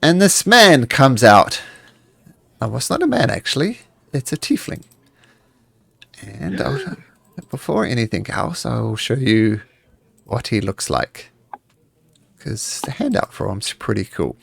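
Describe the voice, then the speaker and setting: Man, game master, gravelly voice, dry close sound, relaxed halting narration. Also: mid-range voice, no room sound. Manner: relaxed, halting, many restarts. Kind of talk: narrating a tabletop game on stream.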